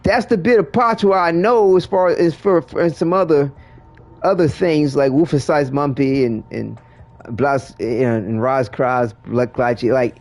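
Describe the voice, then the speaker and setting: Playing a game live, a man rambles to his viewers, stopping and starting with plenty of fillers. His voice sits a little high, with a darkish tone and a slightly slow delivery.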